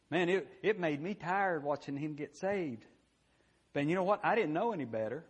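A man's voice: fairly high pitch, animated, moderate pace, husky. A man preaching a sermon in a church, folksy and conversational, often asking "you know what?".

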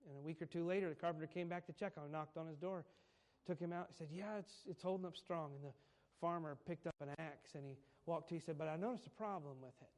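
A man's voice: on the high side, a little mellow. Man preaching with swelling emphasis. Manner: preaches with swelling emphasis, slowing on key phrases. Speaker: pastor. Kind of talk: sermon.

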